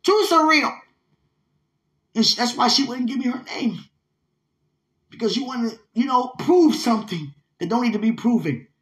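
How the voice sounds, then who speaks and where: A young woman pours out a heartfelt, spiritual message to her partner in a somewhat high voice. She is tearful at moments and swings from loud, emphatic bursts down to quiet, hushed asides. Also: expressive, normal speed. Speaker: vlogger speaking to her partner. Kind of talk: emotional spiritual monologue.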